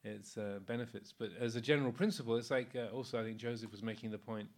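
Relaxed older man giving a Dharma talk. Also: mid-range voice, quick pace. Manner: relaxed and anecdotal, many fillers, often chuckling. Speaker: Buddhist monk teacher. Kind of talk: informal Dharma talk answering a comment.

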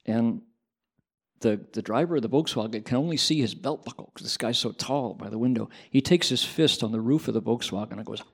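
A male Buddhist monk telling a story during a dharma talk, with lively sound effects and acted-out voices. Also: medium pitch, brisk, husky. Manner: animated storyteller who adds sound effects and acts out voices. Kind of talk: storytelling sermon.

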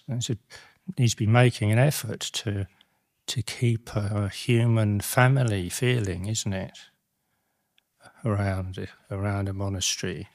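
Man, middle-aged, Buddhist monastic teacher, Dhamma talk, somewhat low voice, dry close sound, hesitant and reflective. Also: creaky, dry recording. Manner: halting and reflective, many restarts and tag questions.

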